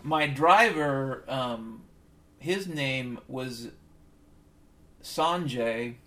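A man rambles through a comic monologue, swearing freely and drifting into conspiracy talk. His voice sits at an ordinary middle pitch, with piano music playing behind him. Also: lively intonation, drawn-out words, pushed and bright.

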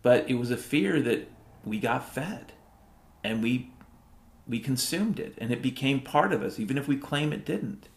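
A middle-aged man from Washington state, USA, performs an expressive comedic spoken-word monologue that's profane, sardonic, and rambling. He speaks at a moderate pace in a mid-range voice, with roomy echo and music underneath.

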